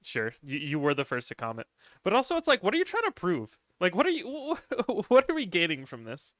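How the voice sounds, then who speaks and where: A man's voice: sits high, huge pitch swings, a little fast, fairly bright tone, no room sound. A man streaming live, rambling casually and joking while he reads and answers viewer chat. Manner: rambling, joking, lots of laughs and fillers.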